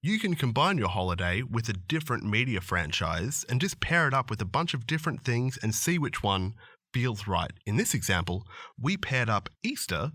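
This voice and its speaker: A man co-hosting a podcast, playfully rambling and pitching wild ideas about tabletop games. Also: big pitch swings, normal speed, sharp tone, dry recording, studio quality. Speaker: podcast co-host.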